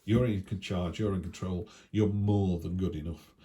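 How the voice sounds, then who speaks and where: A man with a deep, mellow voice talks through a weekly tarot reading in a loose, chatty way. He wanders off into asides and keeps checking in with a quick question to the listener, recorded at home. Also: steady tone. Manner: chatty, rambling, with tag questions. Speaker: tarot reader.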